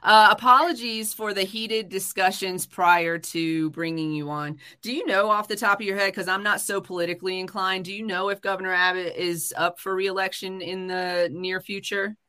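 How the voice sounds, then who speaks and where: A woman's voice: medium pitch, steady tone, moderate pace, hardly any pauses, bright, forceful tone, clear, resonant tone. A woman hosting a casual livestream chat, talking heatedly with frequent swearing, fillers and restarts. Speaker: livestream host. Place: home livestream.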